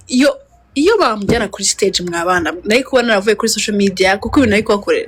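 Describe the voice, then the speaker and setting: A woman tells a story as an interview guest in a relaxed, chatty way. Her voice sits a little high and she gets excitable, switching languages and laughing often. A faint hiss of ambience runs under her. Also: fast talker. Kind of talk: casual storytelling chat.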